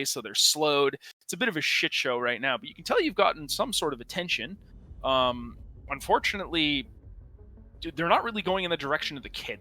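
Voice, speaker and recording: A man's voice: on the high side, sharp tone. A man running a tabletop game as game master, narrating casually with frequent swearing and hesitations.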